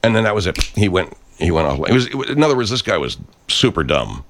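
Male host, low voice, lively pitch, profane rambling rant. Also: fast talker, a little hiss or hum. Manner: brash, foul-mouthed, rambling.

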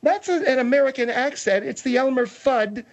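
A man's voice: very high-pitched, expressive, moderate pace, highs cut off, voice pushed up. A man playing a prudish older woman who scolds everyone in the studio with indignation. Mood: indignant. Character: prim, prudish older woman named Margaret.

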